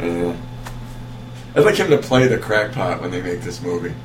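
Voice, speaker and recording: A man in casual conversation, telling stories in a relaxed way with dry jokes. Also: low-pitched, moderate pace, reverberant, far from the mic, slight background noise. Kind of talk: casual chat.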